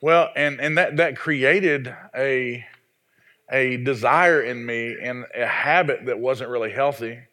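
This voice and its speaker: A man's voice: mid-range voice, takes it slowly, pushed and bright. A man in his forties from the American South, a pastor preaching a sermon in a folksy, self-deprecating storytelling way. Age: 40s.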